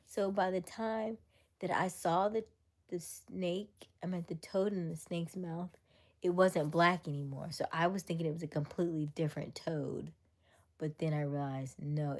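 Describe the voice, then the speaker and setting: A woman's voice: fairly low pitch, darkish tone. A woman hosting a casual late-night livestream, chatting with viewers, laughing often and slipping into whispers. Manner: reads answers aloud to viewers. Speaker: livestream host.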